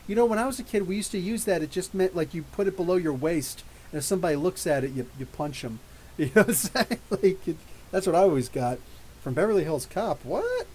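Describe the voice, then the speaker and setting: A man in his thirties hosting a live podcast, reading viewer questions and telling rambling, animated stories. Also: high voice, a little fast, poor audio. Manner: rambling, animated storytelling with laughs. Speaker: podcast host. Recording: faint hiss.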